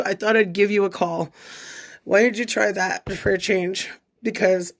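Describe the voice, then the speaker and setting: A woman in her thirties, crying as she makes an emotional, rambling plea in a vlog, swearing and repeating herself. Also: medium pitch. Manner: raw, repetitive, swears, rallying plea.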